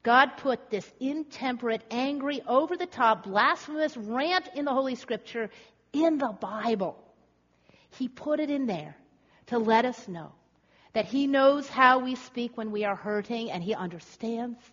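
A woman's voice: a little high, animated, unhurried, a bit bright. A woman preacher giving a dramatic, rhetorical sermon with building emphasis. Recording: echoey hall, slightly dull.

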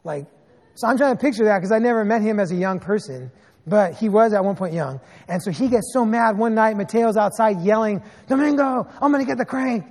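High-voiced preacher in a reverberant hall. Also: male voice, a little fast. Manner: animated storytelling with sarcastic asides. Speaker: pastor. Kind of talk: sermon.

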